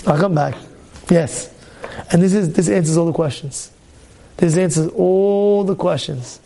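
A man's voice: high-pitched, measured pace, gravelly, mellow, slight background noise. A man teaching a Torah class, impassioned and repetitive, acting out the voices in his stories. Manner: impassioned, repetitive, acts out dialogue. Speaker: rabbi giving a Torah class.

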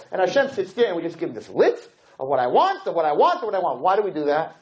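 A man's voice: high-pitched, wildly swooping pitch, fairly quick. A man giving a lecture to a live audience, rhetorical and playful, acting out little scenes as he goes. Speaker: Torah lecturer. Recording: dull lo-fi lecture recording with faint hiss.

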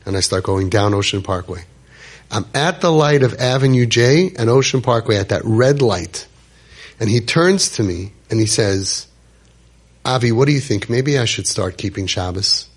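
Husky-voiced man in his fifties telling a story. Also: lowish voice. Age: 50s. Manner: animated, repeats phrases for emphasis, sprinkles Yiddish words. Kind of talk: dramatic personal storytelling.

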